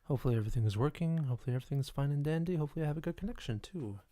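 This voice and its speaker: A man's voice: a little high, animated, rapid-fire, dark tone. A man hosting a casual live stream, rambling and stammering as he reacts to the chat. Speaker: livestream host.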